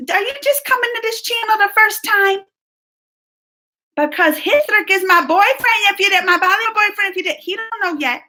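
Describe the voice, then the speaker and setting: A woman hosts her own YouTube reaction channel, chatting casually with viewers during a live stream and often gushing and laughing. Her voice is very high-pitched, pushed, and bright.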